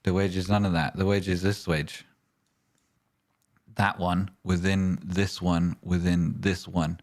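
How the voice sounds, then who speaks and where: Casting note: male streamer, very deep voice, brash and sweary, casual chart talk. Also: little pitch movement, measured pace, darkish tone. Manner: ranting and swearing, then rambling while walking through charts. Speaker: livestream host and stock chart analyst. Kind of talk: casual livestream chat, reading viewer questions.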